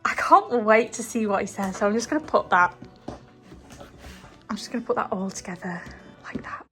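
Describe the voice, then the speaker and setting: Young woman, vlogger, gushing and bubbly, laughs easily, soft music behind. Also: medium pitch, fairly even intonation, brisk. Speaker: lifestyle vlogger. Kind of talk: chatty video diary to camera.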